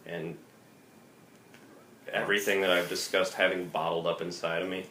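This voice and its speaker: Very deep-voiced man, wry and teasing. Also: little pitch movement, normal speed, bright, forceful tone. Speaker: podcast co-host. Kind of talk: casual chat. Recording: roomy phone recording with faint noise.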